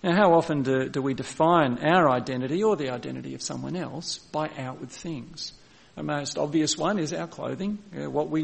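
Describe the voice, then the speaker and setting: Pastor guy preaching, kinda gravelly, a bit higher voice, slows way down on the bible verses. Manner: slows down to read scripture, restarts phrases. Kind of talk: sermon.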